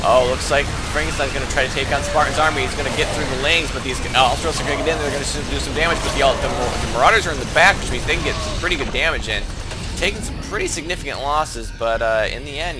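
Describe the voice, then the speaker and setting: A man's voice: mid-range voice, fast talker, music in the background. A man giving casual play-by-play commentary on a team strategy game he is playing, thinking aloud with many restarts, his voice lifting when fights break out.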